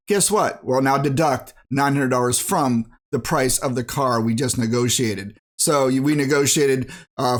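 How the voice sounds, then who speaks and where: A man from the United States, a vlogger ranting bluntly and casually about car dealers and pricing. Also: mid-range voice. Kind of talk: casual rant to camera.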